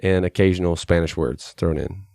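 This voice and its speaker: American man, podcast host, lowish voice, dry close sound, rambling chatty manner. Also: moderate pace, darkish tone, no room sound. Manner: chatty, self-deprecating, many fillers and restarts. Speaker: podcast host, youth pastor. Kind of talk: casual podcast interview.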